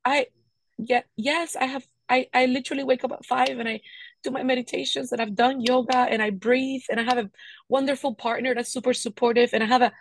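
A woman's voice: high-pitched, steady tone, brisk, slight background noise. A young pregnant woman co-hosting a podcast, venting candidly and emotionally about a hard pregnancy, often tagging her sentences with "right?". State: pregnant and tired. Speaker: podcast co-host. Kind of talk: candid casual chat.

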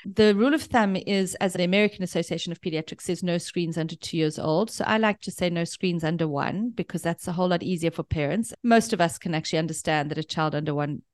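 A woman's voice: fairly low pitch, fast, few pauses, no room sound, clean studio sound. A woman speaking as a parenting expert guest who explains at length, using examples and analogies. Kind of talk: explanatory interview answers.

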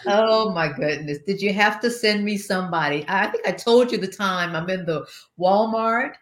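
A woman's voice: mid-range voice, moderate pace. A woman guest host in a casual interview, chatting and telling stories with frequent laughter. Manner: chatty storyteller, laughs often.

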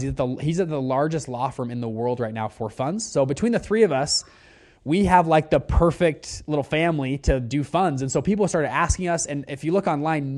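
A man in his twenties telling his story casually, acting out quoted dialogue with lively shifts in pitch. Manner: animated, acts out quoted dialogue with rising pitch.

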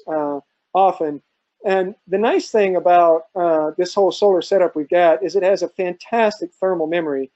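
A man's voice: high-pitched, dark tone, muffled recording. A man answering questions in a live online talk, thoughtful and hesitant, with many fillers and restarts. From central Virginia. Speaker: guest speaker on off-grid farming.

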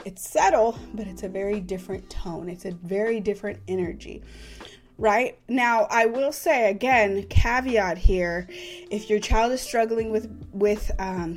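Chatty woman parenting host. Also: medium pitch. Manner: conversational, says "right?" often, warm-toned explanations. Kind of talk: casual advice talk.

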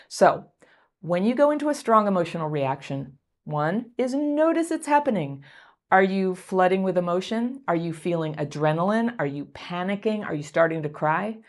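A woman coaching viewers through a self-help talk, speaking in a gentle, encouraging, conversational way and laughing lightly between points. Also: fairly low pitch, expressive, normal speed. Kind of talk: advice talk to camera.

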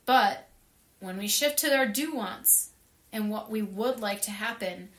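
A woman guest on a podcast, speaking earnestly and warmly with lively emphasis about well-being. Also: mid-range voice, measured pace. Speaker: wellness guest. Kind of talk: casual interview chat. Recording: roomy echo.

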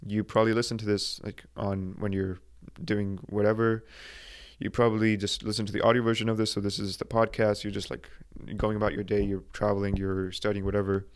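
A young man hosting his own podcast, talking earnestly and haltingly in a motivational monologue, with many restarts and filler words. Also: lowish voice, little pitch movement, smooth. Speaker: podcast host.

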